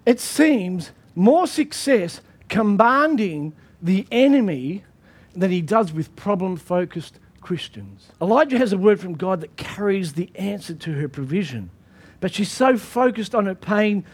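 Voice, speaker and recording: A man with a strikingly high voice preaches a sermon from the pulpit. His delivery is emphatic, and he leans on repeated phrases to drive each point home. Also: lively intonation, a little slow, husky. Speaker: pastor.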